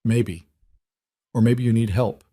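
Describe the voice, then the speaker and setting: A man voicing a patient single father, talking gently but firmly in a story reading. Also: mid-range voice, steady tone, takes it slowly, no room sound, clean studio sound. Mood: reassuring. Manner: gentle, reassuring.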